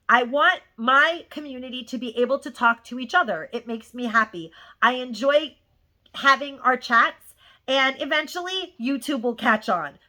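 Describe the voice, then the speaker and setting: A woman's voice: high voice, pushed and bright. A middle-aged woman vlogger chatting casually through a haul, gushing and rambling with plenty of "like" and "um".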